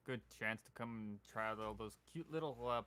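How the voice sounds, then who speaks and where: Player, male, mid pitch, bright tone, laid-back. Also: fairly quick, smooth. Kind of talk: casual tabletop play.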